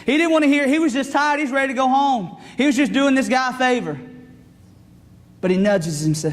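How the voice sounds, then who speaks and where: High-voiced pastor telling a story. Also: male voice, fairly quick. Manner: folksy, animated storytelling with acted quotes. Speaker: student pastor. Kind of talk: sermon. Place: church sanctuary. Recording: long reverb of a church sanctuary.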